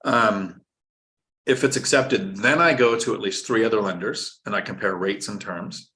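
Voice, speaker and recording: A man with a fairly low, sharp-toned voice hosts a live-stream finance talk at a moderate pace. He explains things step by step in an instructive way, cracks jokes, and reads viewer chat aloud.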